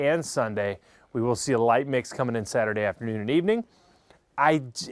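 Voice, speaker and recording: A man's voice: mid-range voice, smooth, no room sound. A man giving a TV weather forecast in a chatty, upbeat way. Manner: chatty, upbeat, quick bursts. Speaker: meteorologist.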